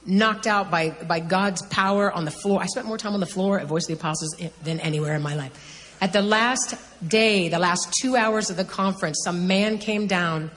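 Woman excitedly telling her testimony, lots of laughing, long echo like a big hall. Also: lowish voice, moderate pace. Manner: lively, laughs often, breathless storytelling. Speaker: guest sharing a testimony. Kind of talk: animated personal testimony. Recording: reverberant hall, faint background noise.

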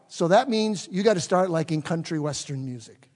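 A man's voice: on the high side, expressive, moderate pace, a little mellow. A man preaching a sermon as pastor in a church, talking conversationally and putting questions to the congregation. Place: church sanctuary. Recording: long reverb of a large hall.

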